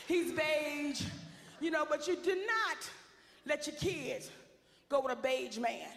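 A woman working a stand-up crowd in a brassy, sassy style, her high voice roughened by gravel. She belts out her punchlines. The sound rings through a large, echoey hall. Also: expressive, slow, pauses often, slight background noise. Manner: brassy, bold and sassy, often shouting punchlines. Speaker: stand-up comedian. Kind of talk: stand-up comedy set.

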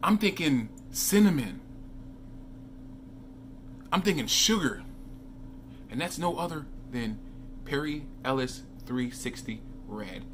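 A mid-range male voice moves slowly and pauses often in a casual fragrance-review vlog. He tells animated stories and speaks directly to viewers in chatty asides, with slight background noise behind him.

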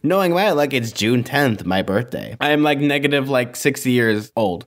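A man's voice: medium pitch, lively intonation, moderate pace, hardly any pauses. A young man hosting a podcast, reading an adventure gamebook aloud with jokey asides. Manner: reads the book in a storytelling voice with jokey asides. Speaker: podcast host.

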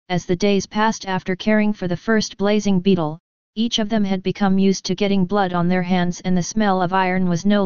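A woman narrating a web novel audiobook in an even, steady reading voice. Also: medium pitch, clear, resonant tone, dry recording, dull audio. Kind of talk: scripted narration.

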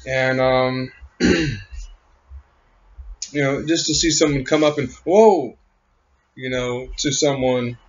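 A man of middle pitch rambles on, halting often and trailing off between thoughts. The recording is dull and lo-fi. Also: steady tone. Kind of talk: rambling monologue. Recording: muffled lo-fi recording.

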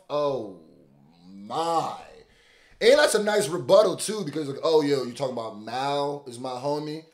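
An excitable man reacts out loud, quoting punchlines back and breaking into exclamations. His voice sits fairly high and swings widely up and down. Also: normal speed, roomy sound. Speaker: reaction video host. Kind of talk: casual reaction commentary.

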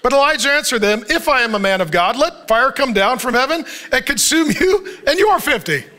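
High, bright-voiced joking preacher man. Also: fairly quick. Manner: animated, joking storyteller; chuckles often while preaching. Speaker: pastor. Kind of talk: sermon.

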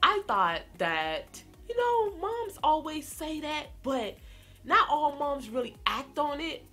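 A young woman vlogger telling a personal story in a slangy, animated way, speaking straight to her viewers. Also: sits high, slow, faint music behind. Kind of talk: storytime vlog.

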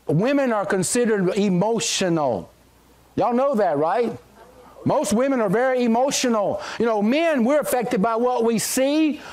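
High-voiced preacher, folksy and joking. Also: male voice. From South Carolina. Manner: jokey, folksy, playful with the congregation. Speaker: assistant pastor. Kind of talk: sermon. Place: church sanctuary.

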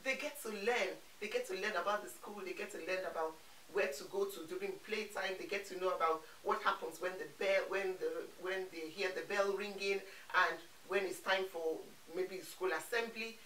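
A woman's voice: mid-range voice, moderate pace, a bit bright. Reassuring mother giving parenting advice. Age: adult parent of four. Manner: reassuring, repeats phrases for emphasis. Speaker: parenting vlogger. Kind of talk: advice vlog to camera. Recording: roomy echo, faint hiss, mic at a distance.

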